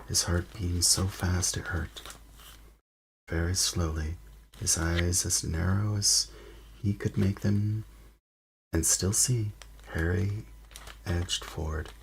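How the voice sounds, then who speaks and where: Male storybook narrator, very low and slow, husky, measured. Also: noisy background. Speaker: streamer reading a book aloud.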